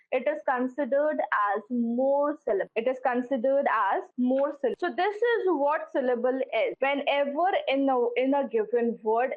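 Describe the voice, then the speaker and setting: A high-voiced woman teaches a live online grammar class. She explains each rule step by step, repeats it, and keeps checking that the students follow. The sound is thin and tinny, as if heard down a phone line. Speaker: online exam-prep English teacher.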